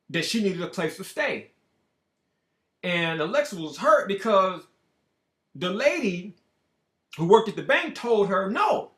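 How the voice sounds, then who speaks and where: A man's voice: high-pitched, a bit bright. A man telling a story in a casual monologue, profane and emphatic, talking in bursts. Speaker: show host. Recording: roomy echo.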